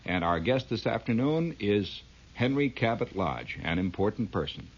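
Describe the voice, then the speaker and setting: A man voicing a bland, well-scrubbed TV host who speaks in smooth, hollow announcer patter. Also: lowish voice, expressive, moderate pace. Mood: pompous. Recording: dull lo-fi old recording.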